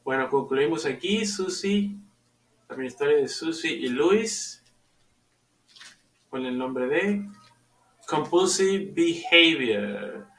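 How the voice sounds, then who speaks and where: A man teaching an English lesson, repeating phrases slowly for his students to drill and stopping to explain pronunciation. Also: on the high side, expressive, a bit bright. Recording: echoey room, far from the mic.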